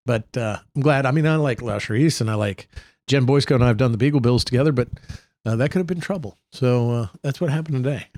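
A man's voice: medium pitch, fast, darkish tone, dry recording. A man, co-hosting a casual podcast, telling joking stories and mimicking colleagues. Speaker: podcast co-host and state senator.

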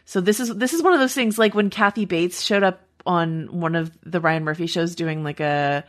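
A woman with a fairly low-pitched voice speaks at normal speed as a podcast co-host. The conversation is casual, and she's chatty, restarting often and using many fillers.

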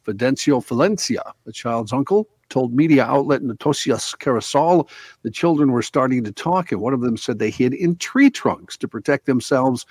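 A man's voice: mid-range voice, animated, normal speed, darkish tone, slightly rough, no room sound. A man hosting a casual talk radio show, reading news stories aloud and then chatting about them with his co-hosts. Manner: reads news items then chats loosely.

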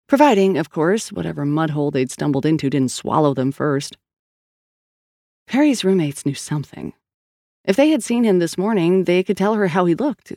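Brief: male audiobook reader, even delivery, dry studio sound. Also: fairly high pitch, no echo. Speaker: narrator. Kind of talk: audiobook narration.

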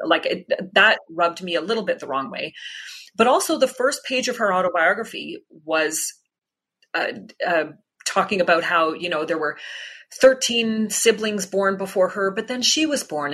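A woman's voice: fairly low pitch, bright, forceful tone, breathy edge. A woman from Canada, a guest comedian, chatting animatedly in an interview and laughing between thoughts. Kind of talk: casual interview chat.

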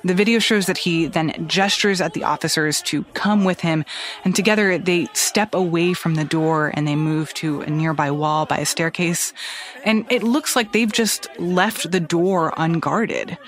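A man's voice: fairly high pitch, a little slow, a bit bright. A man hosting a news podcast, telling the story in a conversational, explanatory way. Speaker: podcast host.

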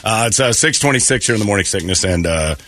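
A man's voice: fairly low pitch, expressive, fast talker, sharp tone. Congested man hosting morning radio. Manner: loose, jokey, announcer-like. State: congested from allergies. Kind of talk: casual morning radio banter. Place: radio studio.

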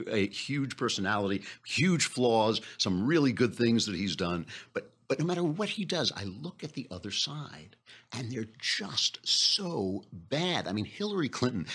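A man's voice: mid-range voice, fairly bright tone, breathy edge. A man hosting a political talk podcast, chatty and sarcastic, laughing often. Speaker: host.

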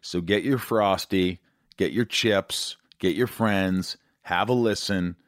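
A man's voice: sits low, slow pace, dry recording, clean studio sound. A man hosting a podcast, reading an upbeat, promotional show introduction. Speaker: podcast host.

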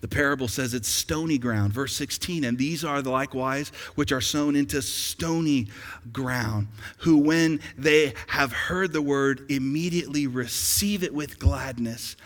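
Bright-voiced preacher in a reverberant hall. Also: male voice, mid-range voice, unhurried. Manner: preaching with rising emphasis and questions to the congregation. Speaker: pastor. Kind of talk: sermon. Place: church sanctuary. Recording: long reverb of a large hall.

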